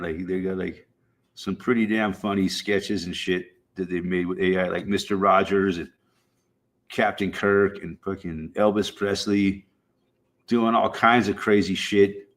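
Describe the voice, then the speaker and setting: Man, low-pitched, casual streamer chat, rambling, swears a lot. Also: fairly bright tone. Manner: rambling, profane, frequent fillers.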